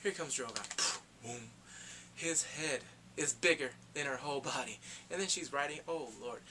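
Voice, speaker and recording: Excitable man recapping a TV episode, bright voice. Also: medium pitch, a little hiss or hum. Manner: excitable, slangy, acts out characters in quick asides. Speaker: TV recap vlogger.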